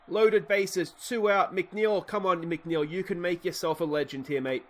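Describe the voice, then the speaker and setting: An Australian man giving excitable play-by-play commentary on a baseball sim game, swinging from muttered asides to shouted cheering at a desktop microphone. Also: on the high side, a little slow. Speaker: let's play host.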